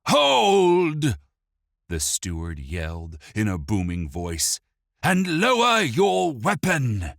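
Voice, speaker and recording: A stern elven steward speaks with grave, measured authority, as a male narrator puts him on. The voice sits well above the narrator's own low register and booms when he gives orders. It is a storybook reading in a dry booth. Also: animated, no echo. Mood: commanding.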